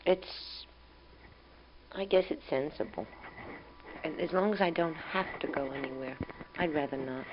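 Young mother, low voice, calm and tender, reflective spoken letter on a muffled home tape with a faint hum. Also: a little slow, long pauses. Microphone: home tape recorder.

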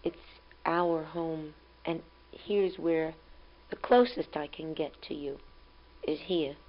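A young mother speaking calmly and tenderly, recording a rambling spoken letter at home on a tape recorder. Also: sits low, slow. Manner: calm, tender, rambling and reflective. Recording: dull old home tape with hum.

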